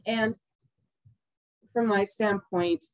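A woman's voice: mid-range voice, steady tone, extremely slow, no room sound, rough recording. Woman talking candidly, dry close sound. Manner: laughs often, trails off with fillers. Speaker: podcast guest. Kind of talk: casual conversation.

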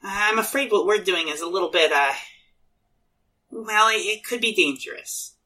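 A woman's voice: medium pitch, normal speed, pushed and bright. A woman playing her character in a tabletop game, friendly and hesitant in speech. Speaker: player. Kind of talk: tabletop role-play.

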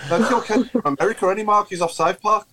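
A man's voice: sits high, very fast, over a noisy crowd. A man with a Birmingham accent, a podcast co-host, joking and often repeating himself.

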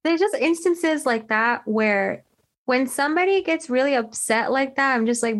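A young woman co-hosting a podcast, telling a story in an animated, slangy way with lots of "like" into a desk microphone. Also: high voice, moderate pace. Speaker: podcast co-host. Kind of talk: casual chat.

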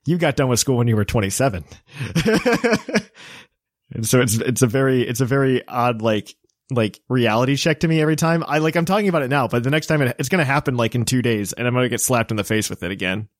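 A man's voice: medium pitch, expressive, quick pace, dry recording, clean studio sound. A man in his late twenties co-hosting a casual chat, rambling with lots of fillers and poking fun at himself. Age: 20s. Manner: rambling, filler-heavy, self-mocking.

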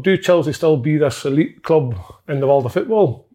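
A man's voice: on the high side, animated, fast, mellow. Blunt man, swearing football chat. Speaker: podcast co-host.

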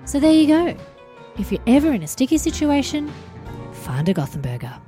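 A woman from Sweden with a Stockholm accent, hosting a podcast and telling stories in a chatty, lively way. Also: sits high, fairly quick, faint music behind. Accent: Stockholm Swedish. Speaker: podcast host. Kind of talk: casual podcast narration.

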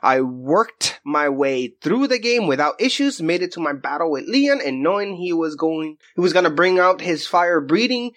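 Lively, slightly high man telling a story. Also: moderate pace, few pauses. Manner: animated storyteller, laughs often. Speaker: podcast co-host. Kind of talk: casual chat.

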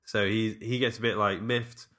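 Low-pitched, bright-toned man. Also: fairly even intonation, normal speed. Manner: rambling, self-interrupting, laughs often. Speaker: podcast co-host. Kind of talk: casual chat recapping a horror film.

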